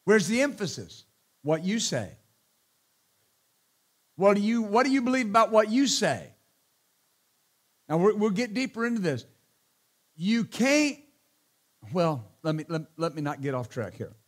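Male pastor, middle-aged, high-pitched and emphatic, preaching with playful asides. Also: big pitch swings, measured pace, pauses often. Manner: emphatic, repeats hallelujah and amen, joking asides. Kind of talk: sermon.

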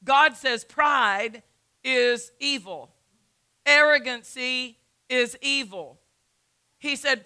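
A middle-aged woman preaches a sermon in a high, very bright voice. She drives her points home with rhetorical questions and often repeats and restarts phrases. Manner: emphatic teaching with rhetorical questions. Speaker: pastor.

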